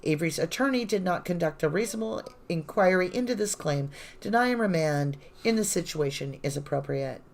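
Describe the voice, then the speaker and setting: A woman's voice: lowish voice, expressive, brisk, few pauses. A woman hosting a true-crime channel, reading court papers aloud live and breaking off into sarcastic, indignant asides. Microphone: phone.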